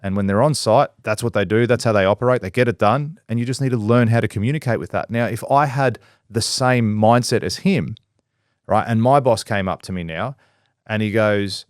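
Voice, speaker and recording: Man, business-owner co-host, blunt and foul-mouthed, mid-pitch, dry close sound. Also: brisk, no room sound. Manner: blunt and profane, acts out quoted people in lively voices. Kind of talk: casual podcast discussion.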